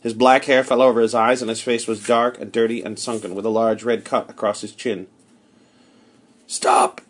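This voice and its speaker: A man giving a measured, steady first-person narration of a story. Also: mid-range voice. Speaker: audiobook narrator.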